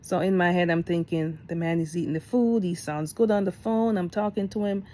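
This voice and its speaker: A woman's voice: fairly low pitch, fairly quick. Chatty woman telling a personal story. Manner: candid, chatty, animated when retelling. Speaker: vlogger.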